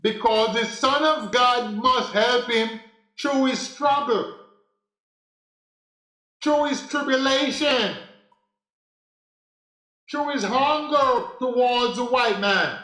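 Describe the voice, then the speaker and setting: A man with a very high voice delivers a spiritual talk at an unhurried, deliberate pace. He preaches and repeats his phrases for emphasis. The recording sounds roomy and echoey. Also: bright, forceful tone. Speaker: spiritual teacher. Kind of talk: preaching monologue.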